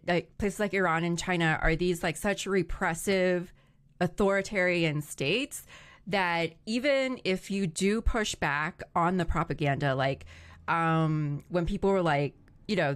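A woman with a somewhat low voice talks in animated casual chat, slipping into quick impressions of others as she argues. Her delivery is lively and conversational. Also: no room sound. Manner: animated, acts out quoted people. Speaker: podcast co-host.

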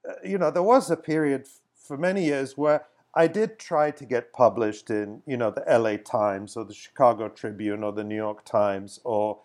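A man's voice: medium pitch, normal speed, a little mellow. A man answering as a podcast guest, reflective and conversational, often restarting his sentences.

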